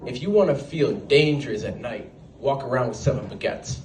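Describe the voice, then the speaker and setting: A man performing a stand-up comedy set at an open mic, telling stories with quick asides. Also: medium pitch, slight background noise. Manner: animated storytelling with quick asides and put-on voices. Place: small venue at an open mic night. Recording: roomy sound, voice from a distance, faint background.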